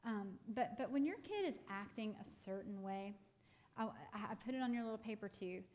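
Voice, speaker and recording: Chatty higher-voiced woman teaching parents. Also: animated, a little fast, darkish tone. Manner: chatty, with many fillers and restarts; acts out parents and kids in quoted lines. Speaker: counselor giving a parenting talk. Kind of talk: casual live talk to a group.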